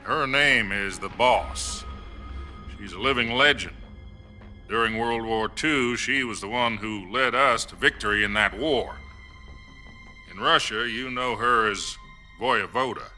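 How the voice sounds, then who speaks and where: An actor playing a calm American president speaking in a measured, diplomatic way over game cutscene music. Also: male voice, mid-range voice. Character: calm male American president on a hotline call.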